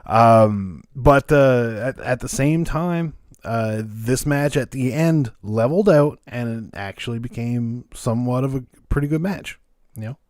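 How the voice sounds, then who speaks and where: A man co-hosting a casual wrestling podcast, talking slowly and loosely, audibly stoned and rambling. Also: mid-range voice, darkish tone, no room sound, clean studio sound. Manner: slow, stoned, meandering. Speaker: podcast co-host.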